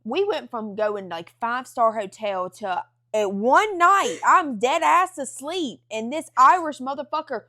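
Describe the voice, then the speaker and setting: This is a young woman with a Southern US accent, chatting casually as a podcast co-host. Her voice sits a little high and moves through a wide range. She tells stories animatedly and acts out the quotes with gusto. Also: lively intonation, a little slow, sharp tone. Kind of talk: casual storytelling chat.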